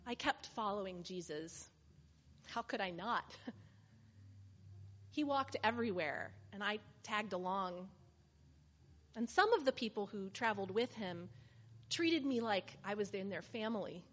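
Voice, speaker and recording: A woman's voice: medium pitch, animated, measured pace, pauses often, fairly bright tone. A woman performing a first-person dramatic monologue as a weary woman made whole after years of suffering, telling her story earnestly. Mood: heartfelt. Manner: earnest, heartfelt testimony. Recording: slightly muffled with faint hiss.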